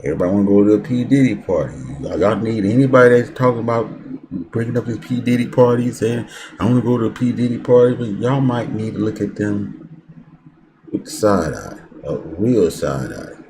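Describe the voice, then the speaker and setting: Host type: man, low voice, exclaims and swears, repeats lines, heard over a noisy background. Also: a little fast. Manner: exclamatory, profane, repeats himself. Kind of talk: live news commentary.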